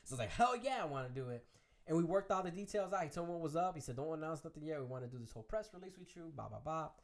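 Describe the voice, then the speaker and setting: A man's voice: on the high side, rapid-fire. A man with a Chicago accent, a DJ guest telling stories in a casual interview and acting out the voices of people he quotes. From Chicago area. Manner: animated storyteller, acts out quoted voices.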